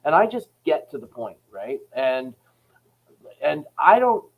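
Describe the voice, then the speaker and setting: A man's voice: a little high, very animated, unhurried, phone-quality sound. A man from Canada, a sales company head and author, talking frankly and rambling as a podcast guest, acting out phone calls as he tells stories. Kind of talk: casual podcast interview.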